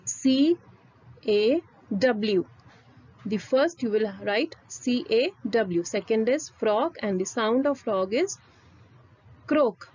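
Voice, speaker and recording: A woman's voice: a little high, expressive, takes it slowly, a little mellow, breathy edge, highs cut off. A woman teacher, reading a lesson aloud to young children and spelling out words letter by letter.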